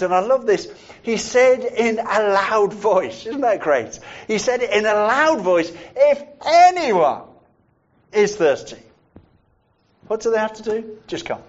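A male preacher with a high voice delivers a sermon slowly and thoughtfully. He leans on repeated phrases to drive each point home. The recording is dull and lo-fi. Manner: measured, reflective, repeats phrases for emphasis.

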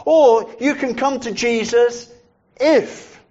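A male preacher with a high voice delivers a sermon slowly and thoughtfully. He leans on repeated phrases to drive each point home. The recording is dull and lo-fi. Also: darkish tone. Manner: measured, reflective, repeats phrases for emphasis.

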